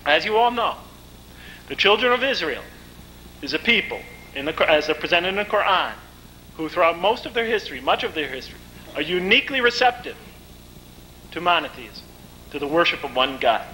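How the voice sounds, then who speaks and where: A man giving a lecture, telling stories in a vivid, animated way. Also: on the high side, fairly quick, long pauses, slight background noise, low-quality recording. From United States. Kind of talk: storytelling lecture.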